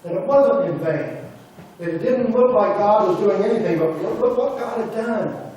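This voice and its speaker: A man's voice: high voice, expressive, moderate pace, a little mellow, slight background noise. A man preaching a sermon, retelling a story and quoting the people in it. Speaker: pastor. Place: church sanctuary. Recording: roomy church audio from a distance.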